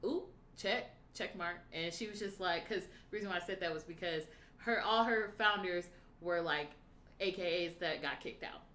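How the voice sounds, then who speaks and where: A young woman telling a story in casual livestream chat, animated and profane, acting out the lines of the people in it. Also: lowish voice, normal speed, reverberant, a little hiss or hum. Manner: animated, profane, acts out quotes.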